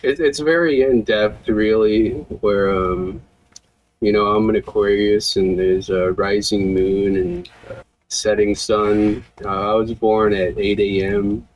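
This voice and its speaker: A man's voice: lowish voice, fairly even intonation, slow, muffled recording. A man in his twenties talking hesitantly with many fillers in a casual chat.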